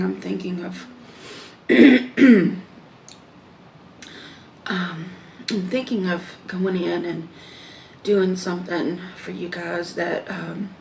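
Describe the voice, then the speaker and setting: A woman chatting casually while eating on camera, rambling slowly with many fillers. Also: fairly low pitch, creaky, darkish tone, a little hiss or hum. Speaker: mukbang vlogger.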